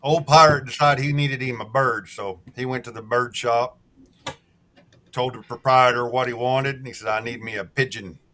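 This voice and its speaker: A man's voice: medium pitch, steady tone, moderate pace, a bit bright. A man telling a crude joke in a folksy, profane way during a casual live chat.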